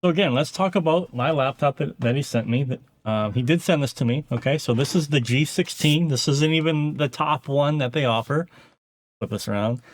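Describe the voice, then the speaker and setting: A man's voice: fairly high pitch, moderate pace. A man hosting his own channel, telling a casual story to camera and muttering his inner thoughts aloud, with loose fillers and the odd swear word. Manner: conversational, acts out inner thoughts in a muttered aside voice. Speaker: audio engineer and YouTube host.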